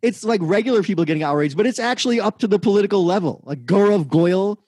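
A man co-hosting a casual podcast, talking in a halting way with frequent restarts. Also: high-pitched, expressive, a little mellow, husky, no echo. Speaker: podcast co-host.

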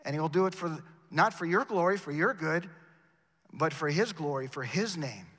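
A man's voice: on the high side, animated, moderate pace, fairly bright tone. Male chapel preacher, ringing voice, emphatic and direct with the congregation, echoing hall. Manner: emphatic, repeats words, addresses the congregation directly. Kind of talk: sermon. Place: university chapel. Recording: long reverb of a large chapel.

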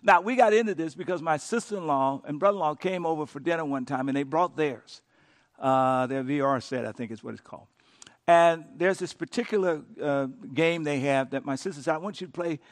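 A man preaching a sermon as pastor, telling a story with dramatic rises and hushed repeated words. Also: fairly high pitch, brisk. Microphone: podcast recording of a sermon.

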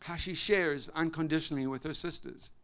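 Male pastor, somewhat high voice, lively sermon delivery that jumps from loud to hushed, quick laughs between lines. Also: smooth. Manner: animated, swinging from loud exclamations to soft confiding tones; laughs often between phrases.

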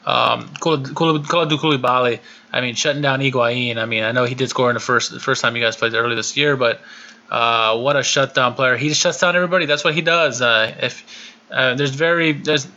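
A man speaks fast about football in an animated podcast chat, with a bright, forceful voice and frequent "uh" restarts. His audio comes through dull and lo-fi, like a remote line. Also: medium pitch. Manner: rapid, animated, lots of "uh" restarts. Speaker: podcast co-host.

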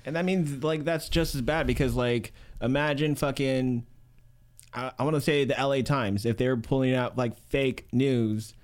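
A man's voice: medium pitch, fairly even intonation, moderate pace. A man co-hosting a podcast, making his points in a rambling, casual way with casual swearing. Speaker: podcast co-host. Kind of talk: casual chat.

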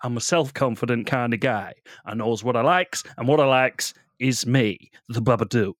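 A man's voice: mid-range voice, normal speed, no echo, natural voice. A man voicing a tall male monster with a put-on Australian accent, swaggering and crude. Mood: cocky. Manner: swaggering, crude, breaks into laughter. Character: the Babadook, tall male monster obsessed with worms. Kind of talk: comedy podcast character bit.

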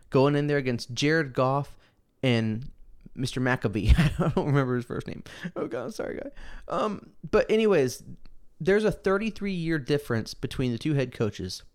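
Slangy, animated young man ranting. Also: medium pitch. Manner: animated, slangy, fast-talking with mocking put-on quotes. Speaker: podcast host. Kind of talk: casual opinion rant.

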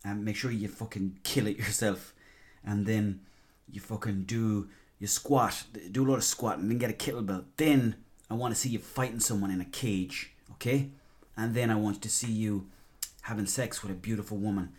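A man's voice: on the low side, fairly even intonation, normal speed, hardly any pauses, lightly acted. A man doing a bossy, sweary fitness guru. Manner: loud and commanding, sweary. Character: bossy male fitness-obsessed podcaster barking orders.

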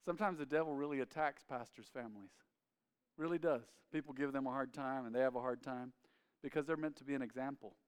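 A man preaching a sermon as a pastor, telling family stories in an animated way and acting out his father's lines loudly. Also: medium pitch, quick pace, clear, resonant tone. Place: church sanctuary. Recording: reverberant church sanctuary.

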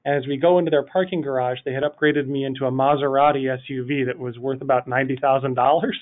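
A man, a guest on a podcast, telling a funny anecdote in an animated, rambling way full of "like". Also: medium pitch, fast, few pauses. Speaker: podcast guest, city project manager. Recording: tinny phone-line audio.

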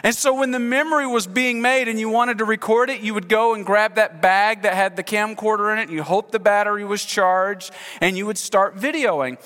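A middle-aged male pastor preaching in a large church sanctuary, his voice sitting notably high and ringing bright. He moves between hushed prayer and animated, expressive storytelling. The sound carries a long hall reverb. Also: brisk, few pauses. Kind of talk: sermon.

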